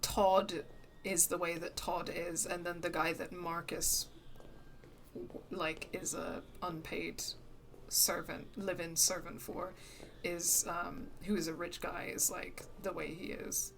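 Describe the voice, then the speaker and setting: Woman streaming a game, chatty and giggly, slow talker, slight hiss behind. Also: lowish voice, flat delivery, creaky. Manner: giggly, chatty, jokey asides to chat. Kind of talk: casual let's-play commentary.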